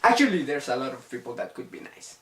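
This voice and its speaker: A man's voice: mid-range voice, big pitch swings, fast talker, fairly bright tone. A young man talking casually to the camera as a vlogger, earnest and chatty, rambling from one point to the next. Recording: echoey room.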